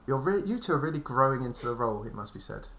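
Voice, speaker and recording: A man with a bright, forceful voice at an ordinary pitch, trading quick banter around a tabletop game. He jokes constantly and breaks into laughter often. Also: very animated, vocal fry. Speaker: player. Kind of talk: tabletop role-play banter.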